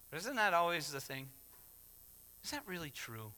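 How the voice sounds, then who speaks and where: A man preaching a sermon in an emphatic way, often rising to loud exhortation. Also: a little high, very animated, a little fast, big-room sound. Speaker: pastor.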